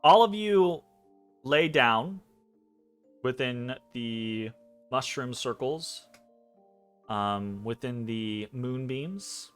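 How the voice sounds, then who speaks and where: A man narrating a tabletop game as game master. He speaks in a slow, dreamy way with frequent "um" pauses, over an online voice chat. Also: medium pitch, animated, fairly bright tone, smooth, faint music behind.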